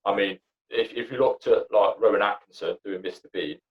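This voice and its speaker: A man's voice: lowish voice, moderate pace. A young man, a podcast guest chatting casually, blunt and sweary, rambling with lots of fillers. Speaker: podcast guest, comedy actor and writer. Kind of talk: casual chat. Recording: dull lo-fi sound.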